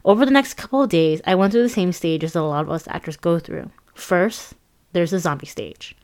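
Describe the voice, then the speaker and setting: A woman reads her own memoir aloud as an audiobook, her voice on the low side and her pace brisk. She sounds conversational and lively, with a self-mocking touch.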